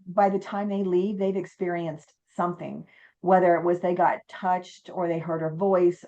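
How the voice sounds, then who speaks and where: A woman's voice: on the low side, highs cut off. A woman who owns a haunted inn, telling stories in a casual interview and acting out the quotes. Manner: animated storyteller, acts out quotes. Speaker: haunted inn owner and guest.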